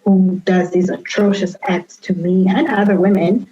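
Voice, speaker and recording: A woman speaks candidly about her own past, reflective and unhurried, circling back with fillers and restarts. Her voice sits low and mellow. The recording sounds dull and lo-fi. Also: steady tone. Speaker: guest sharing her story. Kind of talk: candid personal storytelling.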